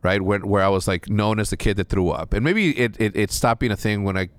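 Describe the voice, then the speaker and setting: A man's voice: fairly low pitch, fairly quick, a little hiss or hum. A young man from Mexico telling a story in casual chat, rambling with restarts and a lot of swearing. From Mexico (Juárez). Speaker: podcast guest.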